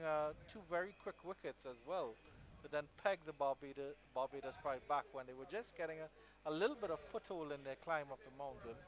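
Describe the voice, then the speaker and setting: A male cricket commentator calls the play live with a bright, forceful tone and a voice pitched a touch high. He stays measured between deliveries. When a big shot lands he breaks into loud, excited calls.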